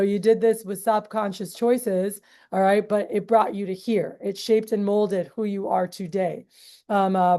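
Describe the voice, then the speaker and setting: Woman, 30s, meeting leader, mellow tone, chatty, filler-heavy, acts out quotes. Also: medium pitch. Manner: acts out quoted voices in storytelling. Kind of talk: casual talk to a group.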